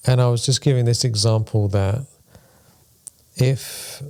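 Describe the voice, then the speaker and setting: A man's voice: medium pitch, fairly even intonation, a little slow, mellow, clear, resonant tone. A man co-hosting a spiritual discussion podcast, talking things through thoughtfully and using playful examples. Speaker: podcast co-host.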